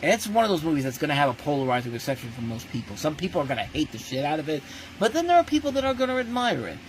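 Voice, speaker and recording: A man's voice: a little high, sing-song, very fast, slight background noise, low-quality recording. A man giving a casual spoken movie review as host, blunt and ranting, often breaking off and restarting his sentences.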